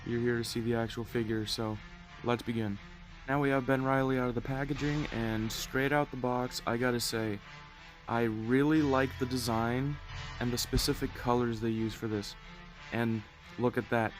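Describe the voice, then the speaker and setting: A man's voice: mid-range voice, steady tone, moderate pace, soft background music. A man with a plugged nose and a nasal voice, chatting casually through a toy review video. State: stuffy nose.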